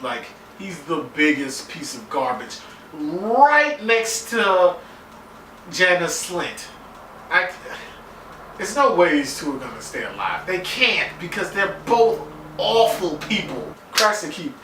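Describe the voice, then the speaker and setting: Loud bright guy ranting about a tv episode, kinda far from the mic, roomy echo. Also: fairly high pitch, slight background noise. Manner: excitable, swears a lot, acts out scenes in voices. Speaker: TV episode reviewer. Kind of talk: casual profane recap.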